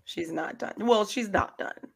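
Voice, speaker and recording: A woman's voice: medium pitch, unhurried, vocal fry, slightly rough. A woman co-hosting a casual chat, dropping wry asides between laughs. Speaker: guest co-host.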